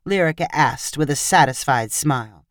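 A woman narrating a story aloud with clear, expressive reading. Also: low voice, normal speed, dry recording, clean studio sound.

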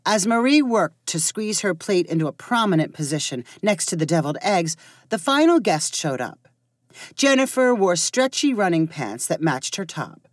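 A woman narrating a story aloud in an expressive reading voice. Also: lowish voice, normal speed, dry recording, studio quality.

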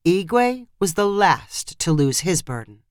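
A narrator reading a short story in a steady, measured voice. The pitch sits in a middle register. The recording is dry and close, with no room sound. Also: smooth, dry recording.

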